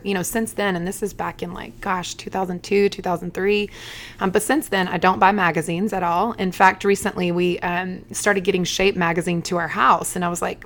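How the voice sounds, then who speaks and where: Woman, 30s, low-pitched co-host, direct and no-nonsense. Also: a little hiss or hum. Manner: frank, matter-of-fact, steady. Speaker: podcast co-host. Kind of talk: faith-based casual conversation.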